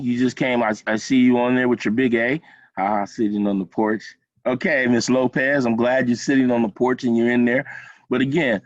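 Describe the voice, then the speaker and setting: A man's voice: mid-range voice, dry recording. Man leading an online class, dull audio. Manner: encouraging, repeats himself, many fillers. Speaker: college program instructor. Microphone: video call. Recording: dull lo-fi video call audio.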